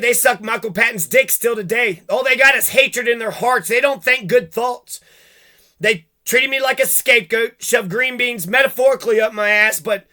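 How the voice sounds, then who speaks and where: A man's voice: very high voice, bright, forceful tone. A man delivering a heated, profane rant, cursing and jumping from one grievance to the next.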